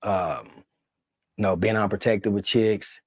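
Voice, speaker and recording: A former Marine drill instructor telling a story, excitable and full of slang and swearing. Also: male voice, on the low side, unhurried, husky, no room sound, clean studio sound. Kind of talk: animated storytelling.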